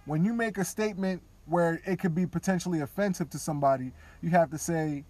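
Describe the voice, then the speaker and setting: Brief: male podcaster, slightly high voice, dry close mic, frank conversational riffing. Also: fairly quick, no room sound. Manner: candid, conversational, acts out other voices quietly. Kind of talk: casual opinion talk.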